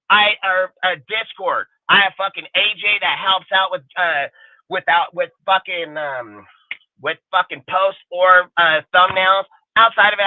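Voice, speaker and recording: A man's voice: high voice, dry recording. A man hosting his own channel, ranting angrily and cursing constantly at his critics. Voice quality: aggressive, profane, combative. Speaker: channel host. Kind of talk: profanity-heavy ranting livestream. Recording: tinny phone-like livestream audio.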